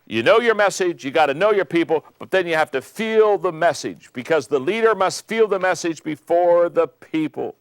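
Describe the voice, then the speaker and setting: A man's voice: a little high, expressive, normal speed, few pauses, clear, resonant tone, dry recording. Emphatic older man giving a leadership talk. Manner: emphatic, repeats key phrases, rising to loud peaks. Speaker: speaker on leadership. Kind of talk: motivational talk.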